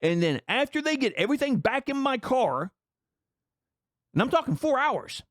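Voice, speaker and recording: A man's voice: very high-pitched, big pitch swings, normal speed, fairly bright tone, no room sound, studio quality. An American man ranting angrily in profane commentary, rambling through a story and a political complaint. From United States. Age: adult.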